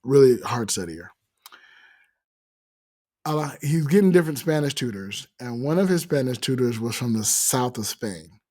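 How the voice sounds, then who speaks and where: An American man hosting a podcast, chatting casually and telling animated stories with playful accent mimicry. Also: medium pitch, normal speed. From United States. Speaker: podcast host. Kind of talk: casual chat.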